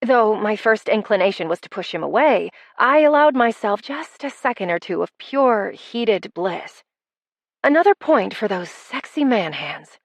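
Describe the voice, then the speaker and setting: A woman narrating a first-person romance audiobook with wry, expressive delivery. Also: medium pitch, a little slow, no room sound.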